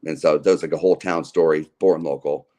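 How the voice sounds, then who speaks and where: A man's voice: rumbling low, fairly even intonation, fairly quick, dark tone. A man from Utah, a podcast guest, telling long casual stories in a laid-back, slangy way, full of "like" and swearing. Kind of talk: casual storytelling.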